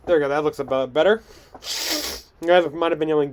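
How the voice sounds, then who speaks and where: Young male host, a touch high, clean smooth tone, stumbles and restarts as he chats. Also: expressive, fast. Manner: rambling, frequent restarts and stumbles. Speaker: podcast host. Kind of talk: casual film news chat.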